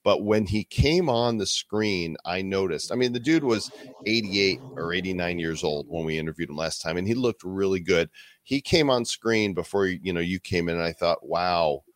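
Deep-voiced hype podcast host. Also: male voice, normal speed, no room sound. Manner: showy, hype-driven intros with big pitch swings. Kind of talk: energetic podcast chat.

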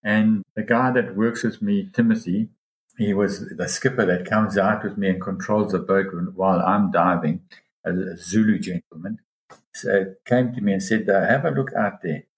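Animated man recounting a dive story. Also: moderate pace. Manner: animated, pitch jumps when quoting others. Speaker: dive guide telling a story. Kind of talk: casual storytelling in an interview. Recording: roomy echo.

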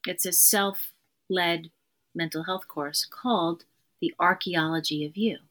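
Earnest woman therapist, low voice. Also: fairly even intonation, slow, a bit bright. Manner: earnest, emphatic, repeats key phrases. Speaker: therapist and podcast guest. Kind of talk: conversational interview.

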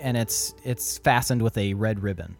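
A woman's voice: a bass voice, normal speed, gravelly, over music. A woman narrating as game master of a tabletop game, laughing often as she describes the scene.

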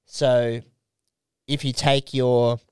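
A man's voice: mid-range voice, flat delivery, drawn-out words, darkish tone, clear, resonant tone, dry recording, studio quality. A young man co-hosting a podcast, telling a story in laid-back, heavily sworn casual banter. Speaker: podcast co-host.

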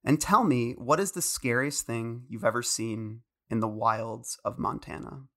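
A man hosting a casual podcast chat, eager and excitable, his voice hoarse from shouting the night before. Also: medium pitch, unhurried. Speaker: podcast host.

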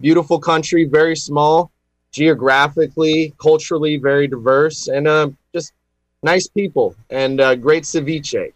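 A man co-hosts a radio show with a slightly high voice. He talks in halting bursts full of fillers and drops deadpan puns. The sound is dry and close. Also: no room sound. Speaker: radio co-host presenting history facts. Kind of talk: casual radio banter. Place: radio studio.

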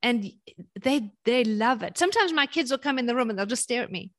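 A woman's voice: fairly high pitch, brisk. A woman from South Africa, a guest on a parenting podcast, talking casually and acting out little quoted voices as she tells stories. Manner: animated storytelling with quoted voices and repeated words.

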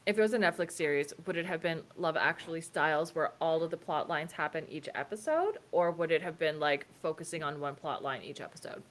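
A woman's voice: deep voice, fairly quick, hardly any pauses, fairly bright tone. A woman hosting a casual chat among friends, laughing often and steering the talk.

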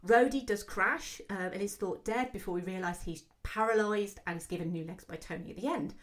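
A woman hosting a solo film commentary show, talking quickly and excitedly with frequent fillers. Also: mid-range voice. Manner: fast, excitable talker with many fillers. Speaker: film podcast host.

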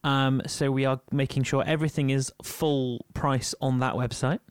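A man's voice: mid-range voice, little pitch movement, normal speed, smooth, no room sound, studio quality. A man with a Yorkshire accent co-hosting a music podcast in casual chat, full of ums and little laughs. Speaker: podcast co-host.

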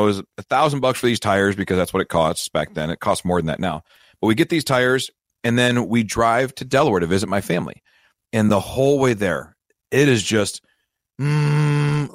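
A man hosting a financial advice show, telling a self-deprecating story in a lively, casual way. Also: fairly low pitch, no echo, clean studio sound. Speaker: financial advisor and show host.

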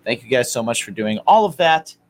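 Lively-pitched male podcast co-host. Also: brisk. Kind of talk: casual chat with ad read.

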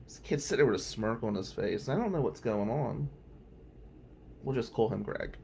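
Man telling a raw personal story, lively pitch. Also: moderate pace, creaky, a little hiss or hum. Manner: candid, emphatic, with some swearing. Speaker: podcast host.

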